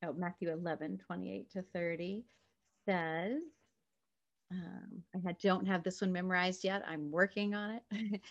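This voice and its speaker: A woman's voice: on the low side, fairly even intonation, unhurried, long pauses, lo-fi sound. A woman reads a Bible passage aloud, then shares her personal faith story in an earnest, reflective way, with light laughs. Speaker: guest sharing a faith story. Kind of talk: reading scripture and sharing a testimony.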